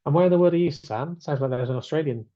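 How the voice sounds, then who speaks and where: A man's voice: a little high, fast talker, no echo, highs cut off. A man hosting an online webinar in casual chat, reading out chat replies with plenty of fillers. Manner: chatty, reads out chat replies, many fillers. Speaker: webinar host. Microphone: video call.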